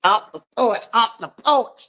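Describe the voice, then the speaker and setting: A woman hosts a live commentary chat, sassy, mocking and profane. Her voice sits a little high and swoops with lively pitch. She drawls slowly and lets every jab land. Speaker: commentary channel host.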